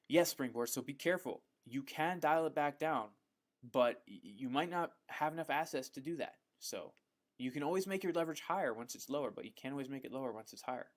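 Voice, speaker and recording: A man runs a live Q&A stream, reading viewer questions aloud and answering off the cuff. His voice sits at an ordinary middle pitch. He talks in a loose, friendly way, with plenty of ums and the occasional "bro". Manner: relaxed and chatty, frequent ums, calls viewers bro. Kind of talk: casual live Q&A chat.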